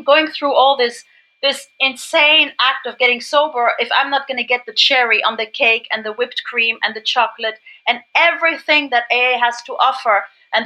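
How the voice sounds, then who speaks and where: A middle-aged woman from Germany, speaking English as a second language, shares her recovery story on a podcast. She is animated and enthusiastic. Her voice sits high and sounds bright and forceful. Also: rough recording. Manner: enthusiastic and animated, rocking and gesturing. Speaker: podcast guest.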